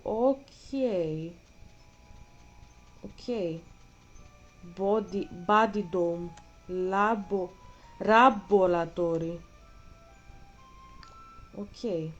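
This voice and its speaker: A woman's voice: medium pitch, extremely slow, long pauses, faint music behind. A woman vlogger ranting in casual commentary while gaming, blunt and profane, a bit out of breath.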